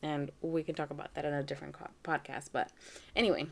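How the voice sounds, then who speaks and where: Chatty mom telling a funny story. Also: female voice, deep voice, fast talker, gravelly. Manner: chatty, animated, often laughing, acts out quoted voices. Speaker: podcast host and mother. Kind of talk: casual storytelling monologue.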